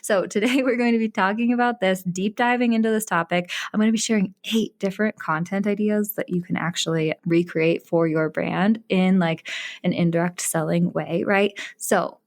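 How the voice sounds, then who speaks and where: A woman hosting her own podcast in a casual solo chat. She sounds bubbly and excited, laughs often, and keeps tagging her points with "right?". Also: medium pitch, moderate pace. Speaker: podcast host.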